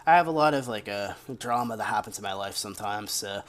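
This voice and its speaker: Talking fast and animatedly in a fairly low, slightly bright voice, a young gaming commentator tells a long, meandering story over gameplay. He airs his frustrations and drops the occasional curse along the way.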